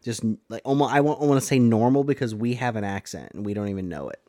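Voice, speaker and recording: A man's voice: mid-range voice, fast, mellow, no echo. Hesitant Midwestern man, dry close sound. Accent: Ohio Midwestern. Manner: hesitant, restarts often. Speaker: podcast co-host. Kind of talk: casual chat.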